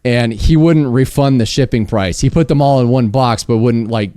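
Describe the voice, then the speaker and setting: An American man hosting a casual interview podcast, chatty and eager, firing off quick questions and reactions. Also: medium pitch, mellow, clean tone, no echo. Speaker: podcast host.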